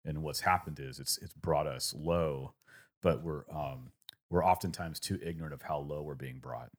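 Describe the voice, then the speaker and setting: Man, 30s, extremely low voice, reflective storyteller with lots of ums. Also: normal speed. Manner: reflective, rambling storytelling with many fillers. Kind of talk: casual conversation.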